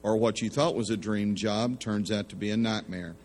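This sermon comes from a man with a lowish, darkish voice speaking at normal speed. He keeps things folksy, telling jokes and imitating the people in his anecdotes, while a long hall reverb trails his words.

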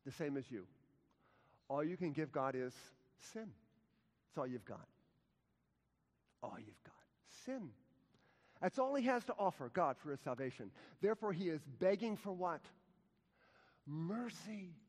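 A male pastor delivers a sermon in a slightly high voice, moving from ringing, emphatic declarations down to hushed, slow words. His voice carries a long reverb from a church sanctuary. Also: sing-song. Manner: impassioned preaching with wide swings from loud to hushed.

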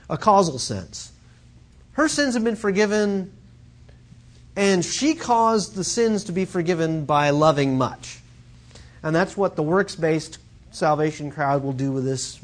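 A Greek teacher preaches a sermon, explaining scripture in an animated teaching manner and acting out quoted voices. His voice is a little high and his pace a little slow.

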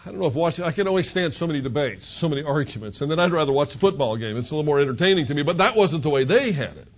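A pastor gives a conversational expository sermon, racing along in a high voice that moves through a lively, animated range. He drives his points home with emphatic rhetorical questions.

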